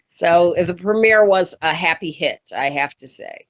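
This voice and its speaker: An actress being interviewed, telling stories in a lively, casual way, laughing often and acting out what people said. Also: female voice, lowish voice, moderate pace, rough recording. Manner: animated, laughs often, acts out quoted voices.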